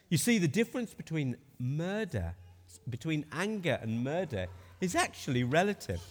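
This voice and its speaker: Emphatic preacher, lively. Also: male voice, a little high, big-room sound. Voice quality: emphatic, asks rhetorical questions. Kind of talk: sermon.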